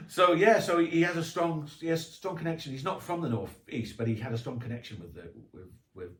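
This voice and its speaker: A man's voice: fairly high pitch, a little fast, fairly bright tone. A man, an author guest on a podcast, telling rambling anecdotes in casual chat. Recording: echoey room, distant mic.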